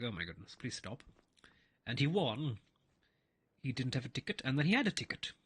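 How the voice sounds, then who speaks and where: Husky guy rambling casually over a game, lively up and down voice, lots of restarts. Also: medium pitch. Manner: rambling, with frequent restarts and asides. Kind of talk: casual gameplay commentary and storytelling.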